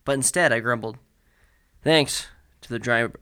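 A man's voice: medium pitch, animated, normal speed, fairly bright tone. A man co-hosting a comedy podcast, reading erotic fiction aloud, often stumbling over words and breaking into laughter. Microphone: studio mic with headphones.

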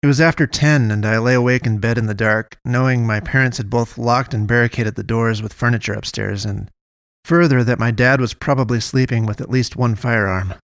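A man's voice: mid-range voice, fairly even intonation, brisk, a bit bright, dry recording. Man reading a story, dry and close. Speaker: narrator. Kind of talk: first-person story reading.

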